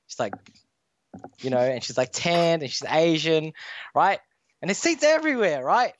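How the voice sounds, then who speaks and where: A man's voice: on the high side, lively intonation, normal speed, dry recording. A young Australian man telling a long story as a podcast guest, rambling with lots of fillers. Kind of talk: casual storytelling. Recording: dull dry sound.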